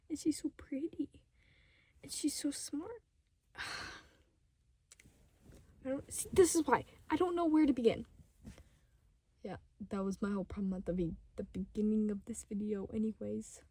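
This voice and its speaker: A fifteen-year-old girl ranting casually to camera at home, rambling and sidetracked, talking fast in bursts and often dropping to a whisper. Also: high voice, dark tone. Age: 15, teenager. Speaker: vlogger. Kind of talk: casual unscripted rant to camera.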